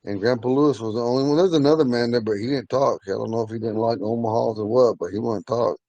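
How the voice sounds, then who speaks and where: A man teaching a language class, telling stories in a relaxed way and laughing often. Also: mid-range voice, quick pace, no room sound, muffled recording. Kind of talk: casual storytelling in class.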